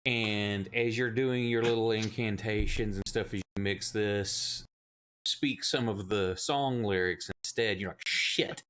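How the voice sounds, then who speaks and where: A man's voice: on the low side, fairly even intonation, measured pace, a bit bright, slight background noise. Man running a tabletop game. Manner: loose, profane storytelling with fillers. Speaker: game master.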